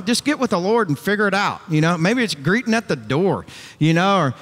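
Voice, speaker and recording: A man's voice: sits high, animated, fast, fairly bright tone, long reverb tail. A male pastor preaching an emphatic sermon full of rhetorical questions and folksy asides. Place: church sanctuary.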